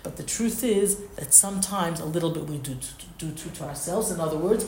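Animated woman teaching in an echoey room. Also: low voice, brisk, slight background noise. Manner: animated, Hebrew terms mixed in, rising emphasis. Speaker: Torah teacher. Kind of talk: lecture.

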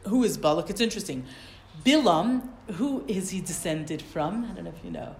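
Female Torah teacher, animated, quoting and translating verses, echoey room. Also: on the low side, moderate pace, gravelly. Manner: animated, quotes Hebrew verses then translates.

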